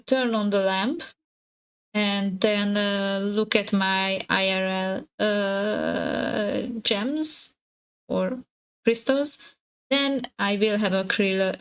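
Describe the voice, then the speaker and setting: A young adult woman, a native Hungarian speaker, chatting casually on a live stream, giggly and hesitant with many fillers and restarts, her voice slightly husky. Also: medium pitch, poor audio.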